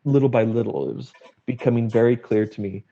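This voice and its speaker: Young man, gravelly and dark-toned, wry candid storyteller, dull lo-fi recording. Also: mid-range voice, a little fast. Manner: wry, blunt, acts out family quotes. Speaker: guest sharing his story. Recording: dull lo-fi audio.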